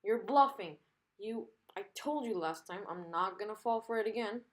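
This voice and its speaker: Lady reading as a cheeky clown villain girl, playful and rushed, comic book read-aloud. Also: medium pitch, expressive, close to an everyday voice. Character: brash chatty female clown villain.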